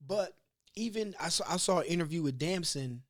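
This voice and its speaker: A man's voice: a little high, animated, a little fast. A man hosting a podcast, telling rambling, profane stories in casual chat. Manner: rambling storyteller, loose and profane. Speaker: podcast host.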